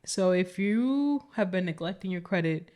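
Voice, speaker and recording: A woman's voice: lowish voice, expressive, normal speed, warm tone. A woman co-hosting a business podcast, upbeat and speaking straight to the listeners. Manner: upbeat, addresses listeners directly. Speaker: podcast co-host. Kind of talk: casual business podcast chat.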